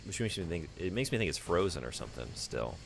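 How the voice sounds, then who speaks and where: A man with a very deep, gravelly voice chats his way through a game on stream. He rambles, thinks out loud and answers his chat, his pitch swinging up and down a lot, with faint music underneath. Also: sing-song, quick pace. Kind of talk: casual gaming stream chat.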